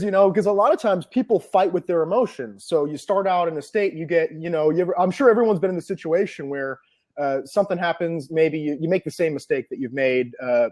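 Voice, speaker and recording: A man's voice: on the high side, darkish tone. A man being interviewed as an NLP trainer, explaining ideas earnestly and piling up examples.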